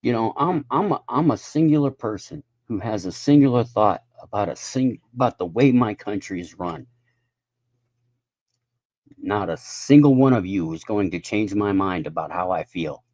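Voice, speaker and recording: A man's voice: on the low side, normal speed, a little mellow, no echo. A man in his fifties ranting in a casual live stream monologue, profane and rambling. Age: 50s.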